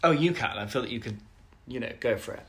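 A man co-hosting a casual podcast chat. He is playful and gossipy and giggles often. His tone is bright and sharp, at an ordinary pitch. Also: expressive, fast talker. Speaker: podcast co-host.

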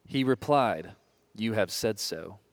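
A man reading scripture aloud in a slow, solemn group reading. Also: fairly low pitch, animated. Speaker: scripture reader.

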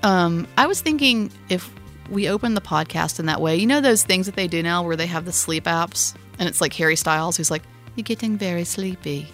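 A woman's voice: lowish voice, brisk, a bit bright, faint music behind. A woman co-hosting a podcast about movies in casual chat, playful and teasing. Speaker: podcast co-host.

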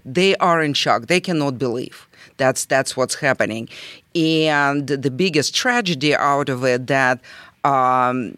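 A man from Russia speaking with a Russian accent, giving an earnest, halting interview with many restarts and fillers. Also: mid-range voice, sharp tone, no room sound. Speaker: guest. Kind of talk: interview conversation.

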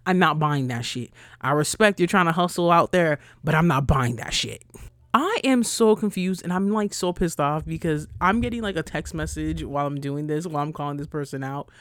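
A young woman from New ranting bluntly as a podcast host, swearing freely and her voice jumping loud and high when she gets riled. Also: animated, normal speed, no room sound. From New York, USA. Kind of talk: casual ranting monologue.

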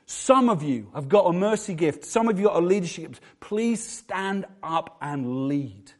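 A man's voice: high-pitched, expressive, a little slow. A middle-aged man preaching a sermon as pastor, conversational and self-deprecating.

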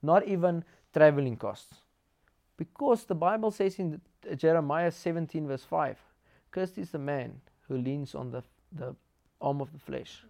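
A man with a South African accent preaching a sermon, telling lively personal stories and mixing Afrikaans words into his English. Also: fairly high pitch, measured pace, creaky.

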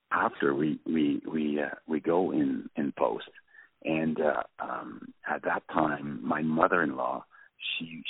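A man's voice: very deep voice, gravelly, slightly rough, no room sound. A man, a film director, telling a rambling, self-deprecating story with frequent restarts. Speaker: interview guest, film director. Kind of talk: casual anecdotal storytelling. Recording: tinny phone-line radio audio.

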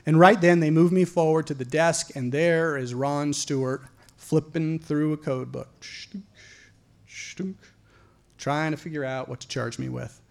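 A middle-aged man telling a personal story live, wry and animated, rising to loud outbursts. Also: a little high, normal speed, creaky.

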